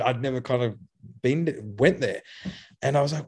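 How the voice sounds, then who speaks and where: Animated swearing man telling stories. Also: medium pitch, quick pace. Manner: animated, swears, laughs often, acts out quoted voices. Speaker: guest, youth program founder. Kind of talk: casual interview storytelling.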